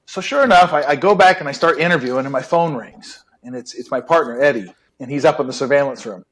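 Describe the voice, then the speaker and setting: A man's voice: a little high, quick pace, few pauses. Chatty middle-aged man telling a police story. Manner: relaxed, chatty, many "right?" and "you know". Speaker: retired police detective guest. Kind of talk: casual storytelling interview.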